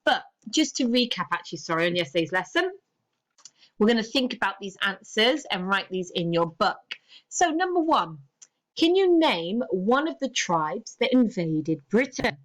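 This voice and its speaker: A woman's voice: mid-range voice, very animated, normal speed. A woman teacher, giving a recorded lesson and explaining things step by step in an encouraging way.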